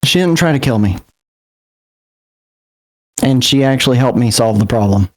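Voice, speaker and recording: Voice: medium pitch, animated, normal speed. A tabletop player speaking in character in a casual, defensive, insistent way.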